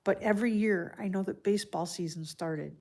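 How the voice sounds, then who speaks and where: A woman hosting a casual livestream from home, chatting softly and heartfelt while answering viewers by name. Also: mid-range voice, brisk. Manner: soft-spoken and heartfelt. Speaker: livestream host. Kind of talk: casual live-stream chat.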